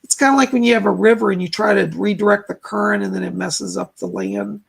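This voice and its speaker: Gravelly, husky-voiced man giving readings. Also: high-pitched, animated, fast talker. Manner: gentle, reassuring, chatty advice-giving. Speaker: psychic medium, live-stream host. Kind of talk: casual live-stream readings.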